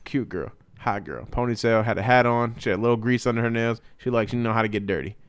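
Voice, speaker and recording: A man's voice: mid-range voice, fast talker, clear, resonant tone, no echo. A young man telling a long, profane, joking story in a casual chat. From Hispanic family, father speaks Spanish. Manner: animated, profane, jokey storytelling.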